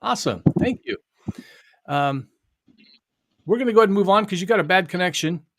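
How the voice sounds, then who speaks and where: A chatty American man hosting a casual livestream, his voice sitting a touch high for a man. He rambles warmly through fillers and quick laughs, heard dry and close over a video call. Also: lively intonation, no room sound. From United States. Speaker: host of an online book launch.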